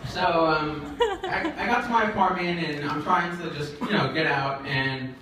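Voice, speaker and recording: High-voiced man doing rambling stand-up. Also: very noisy. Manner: rambling, halting storytelling with many fillers. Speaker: stand-up comedian. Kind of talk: stand-up comedy set. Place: comedy event in a shared office space. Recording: echoey room from far off, audience laughter. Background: audience laughing.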